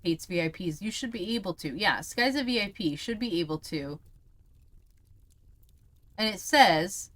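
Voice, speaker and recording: A woman's voice: lowish voice, lively intonation, measured pace, pauses often, a bit bright, dry recording. A young woman streamer reading a storybook aloud live, breaking off for playful chat asides.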